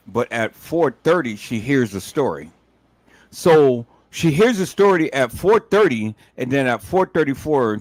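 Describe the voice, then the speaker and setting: A man's voice: mid-range voice, dry recording, poor audio. Angry, profane man ranting on a livestream. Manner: profane, angry, repeatedly addressing the audience. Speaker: livestream commentator. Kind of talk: heated livestream commentary.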